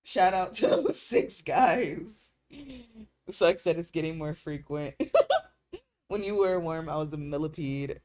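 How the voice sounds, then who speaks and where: Slow-talking, low-voiced woman streamer. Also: expressive, a little mellow. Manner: crude teasing humor with frequent laughter; trails off into fillers. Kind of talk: casual chat.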